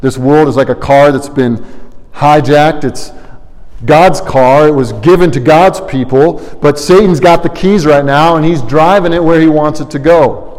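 A man's voice: a little high, steady tone, unhurried, a little mellow. Earnest male preacher in a reverberant hall. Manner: earnest, explanatory preaching with vivid word pictures. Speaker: pastor. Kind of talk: sermon. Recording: long reverb of a large hall.

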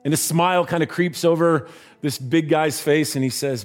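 A man's voice: fairly high pitch, moderate pace, soft background music. A man preaching a sermon, telling a story in a conversational way and dropping his voice at tender moments.

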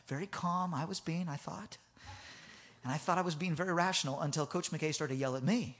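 A man preaching a sermon, telling a funny personal story in an animated way, laughing often and restarting his sentences. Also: on the high side, a little fast. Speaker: pastor.

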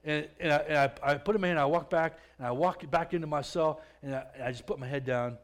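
A man giving a personal testimony in a conversational way, often restarting his words and growing louder as the story builds. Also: a little high, fast. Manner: conversational, repeats and restarts words, swells louder when excited.

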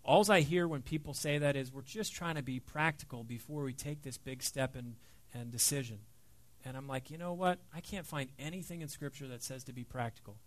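Preaching as the pastor, this middle-aged man shares a personal story in an earnest, conversational sermon full of fillers and soft dips. His voice sits at medium pitch, moves a little fast, and carries no room sound.

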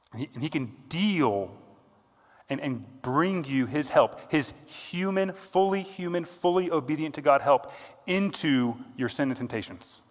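A male pastor preaching a sermon, earnest, rising to emphatic peaks and then dropping quiet. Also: on the high side. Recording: long hall reverb.

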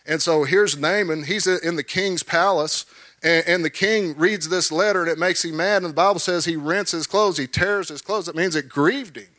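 A man preaching a sermon, animated, repeating words and calling for amens from the congregation. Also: a little high, normal speed, dry recording, clean studio sound.

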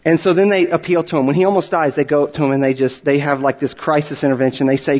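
A man's voice: on the high side, fairly even intonation, quick pace, hardly any pauses, darkish tone. A man preaching, retelling a story earnestly and often repeating words as he goes. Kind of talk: sermon storytelling. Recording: dull recording with long reverb.

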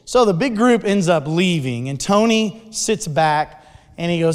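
A man telling a sermon story in an animated way, with frequent restarts. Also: high voice, a little slow, smooth. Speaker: speaker. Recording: long hall reverb.

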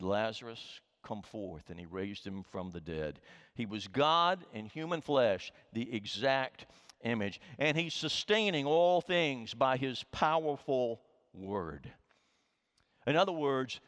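Animated preaching man in a reverberant hall. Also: a little high. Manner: animated preaching, repeats words, drops to hushed tones. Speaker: pastor. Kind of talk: sermon.

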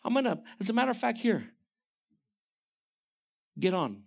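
A man preaching a sermon as pastor, animated, swinging from shouted lines to hushed, near-whispered ones. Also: high-pitched, normal speed, gravelly.

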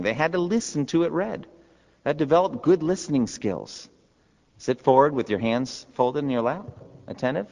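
A man preaching a sermon as pastor, earnest and emphatic, asking his listeners rhetorical questions. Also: mid-range voice. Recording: long hall reverb.

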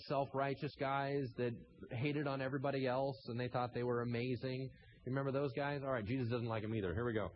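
A man's voice: mid-range voice, highs cut off. A man preaching a sermon, asking the congregation rhetorical questions and reading scripture aloud. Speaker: pastor.

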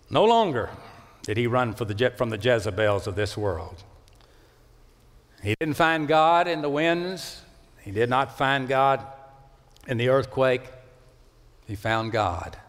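Male pastor, impassioned sermon, big dynamic swings, long church-hall reverb. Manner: impassioned, swings from loud rising calls to low hushed lines. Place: church sanctuary.

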